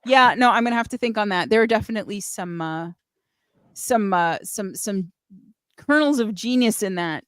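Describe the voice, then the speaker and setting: A woman hosts a live music show in a medium-pitched, lively voice at normal speed, recorded dry with clean studio sound. The host chats enthusiastically, swears freely and reads out chat comments.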